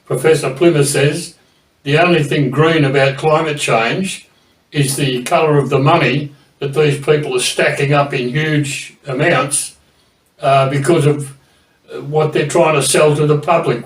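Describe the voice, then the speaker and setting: A man addresses a meeting at a very slow, halting pace, stumbling through restarts and hesitations. His voice sits slightly high for a man. He is picked up from a distance in a hall full of echo. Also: steady tone. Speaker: presenter at a public meeting. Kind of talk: public talk. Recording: distant mic in echoey hall.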